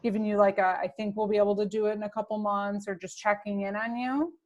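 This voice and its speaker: A woman hosting a podcast in a relaxed, conversational way. She asks questions and backs up her guest with steady affirmations. Her talk is chatty and supportive. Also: mid-range voice, fast, lo-fi sound. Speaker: podcast host. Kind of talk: casual interview conversation.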